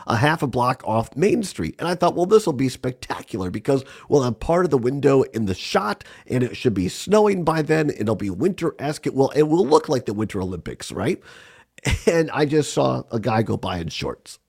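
A man hosting a radio talk show, hoarse and gravelly from a cold, chatty and rambling with frequent chuckles, in a small studio. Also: mid-range voice, sing-song, moderate pace, a little mellow.

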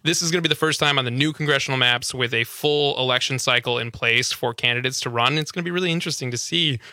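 A man's voice: mid-range voice, quick pace, bright, forceful tone, no echo, studio quality. A man co-hosting a political radio talk show, explaining at length in a casual way. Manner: explains at length, many fillers and restarts. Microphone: studio microphone.

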